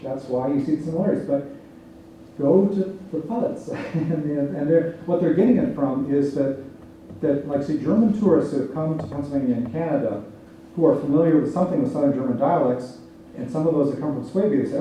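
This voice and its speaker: A man's voice: on the high side, fairly quick, dark tone. A man giving a lecture and answering audience questions, explaining points and asking "right?" as he goes. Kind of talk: public lecture Q&A. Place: lecture hall. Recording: echoey hall, distant mic, faint noise.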